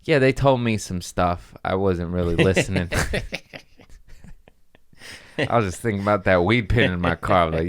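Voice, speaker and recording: A low-pitched man rambles through crude comic stories on his podcast and often laughs at his own jokes. His voice sounds dry and close to the studio mic, and he jumps into high mocking voices when he quotes someone. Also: normal speed, long pauses, clear, resonant tone, no echo. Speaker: podcast host. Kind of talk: casual comedic storytelling.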